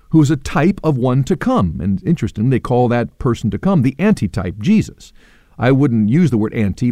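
Earnest man teaching the Bible, mellow and dry. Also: mid-range voice, dry recording. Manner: earnest, reflective, stresses key words. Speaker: radio Bible teacher and host.

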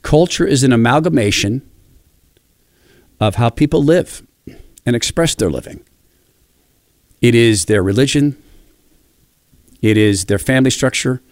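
A middle-aged man from Spokane in a reflective monologue, telling animated stories and acting out quoted voices. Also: medium pitch, measured pace, pauses often, dry recording, clean studio sound. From Spokane, Washington, USA.

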